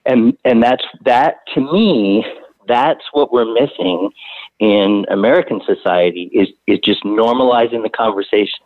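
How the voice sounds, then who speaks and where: A calm man speaks as a hospice doctor, explaining things patiently in a low voice. He comes through a narrow, tinny phone line with a very dry sound, and he restarts his phrases as he thinks. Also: measured pace, no echo. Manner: calm, explanatory, repeats words while thinking. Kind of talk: casual interview conversation.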